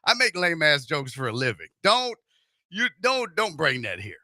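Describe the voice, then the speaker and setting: A man's voice: on the high side, normal speed, no room sound, studio quality. A man hosting a radio show, telling a story in casual chat and acting out the voices in it with jokes. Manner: animated, joking, acts out voices in his story. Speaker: radio host.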